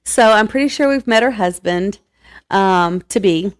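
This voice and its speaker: A woman co-hosting a casual podcast, loud and quick to laugh, talking about books with frequent pauses. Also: mid-range voice, smooth. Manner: loud, laughs a lot, hesitant with fillers. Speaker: podcast co-host. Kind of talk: casual chat.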